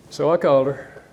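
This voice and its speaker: A man's voice: medium pitch, a little hiss or hum. An older man giving a talk as a speaker and author, telling stories and acting out the lines he quotes. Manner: animated storyteller, acts out quotes. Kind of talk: storytelling talk.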